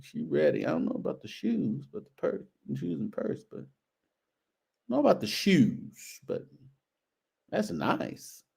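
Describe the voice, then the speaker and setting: A man's voice: on the high side, huge pitch swings, a little slow, vocal fry, pauses often, a little mellow, slightly rough. A male show host giving casual, teasing commentary on outfits, sprinkling in churchy phrases. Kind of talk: casual fashion commentary on a video.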